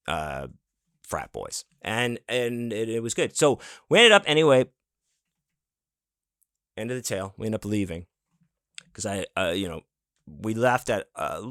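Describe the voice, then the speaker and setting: A man's voice: on the low side, big pitch swings, moderate pace, a bit bright, no echo, clean studio sound. A man hosting a podcast, telling a rambling, profane story in casual chat and acting out the people in it. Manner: profane, rambling, acts out quotes. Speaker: podcast host.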